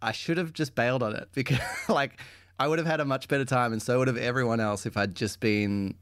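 A man's voice: medium pitch, fairly even intonation, brisk, fairly bright tone, smooth, dry recording, clean studio sound. An Australian man chatting casually as a podcast host about improv, laughing often. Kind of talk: casual chat.

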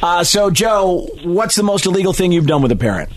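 A man's voice: sits high, very animated, brisk, a loud crowd. A man hosting a call-in radio show, reading listener stories and bantering with callers in a playful, laughing way. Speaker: radio host.

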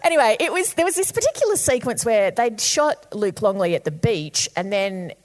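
A woman's voice: a little high, animated, moderate pace. A woman in her late forties telling laughing anecdotes on stage to an audience. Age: 40s. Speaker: comedy duo performer. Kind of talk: onstage chat with audience. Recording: reverberant venue hall.

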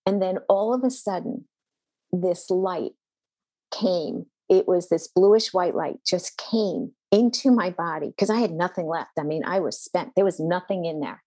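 A woman's voice: fairly low pitch, darkish tone, no room sound. A woman pastor, a podcast guest, telling a personal faith story in an earnest, intense way with a shifting pace.

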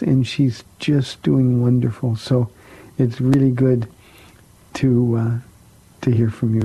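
Gravelly-voiced pastor hosting call-in radio. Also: male voice, mid-range voice, warm tone, low-quality recording. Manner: conversational, repeats words for emphasis. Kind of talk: radio call-in Bible teaching.

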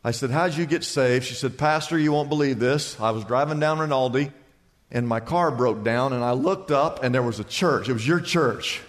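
A man preaching a sermon as pastor, building lists to shouted peaks. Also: mid-range voice, moderate pace. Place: large church sanctuary. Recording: church hall reverb.

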